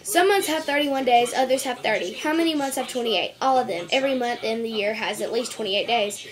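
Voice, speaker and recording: A woman reading out a string of jokes for a home video, stumbling over words, restarting and clearing her throat. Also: fairly high pitch, brisk, a crowd in the background. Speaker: joke-telling video maker.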